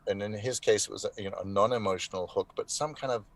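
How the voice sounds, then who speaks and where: This low-leaning, gravelly male voice talks fast as he answers interview questions on an online live call, appearing as a voice actor guest. His storytelling is reflective yet emphatic, with abrupt jumps in volume, over a faint hiss or hum.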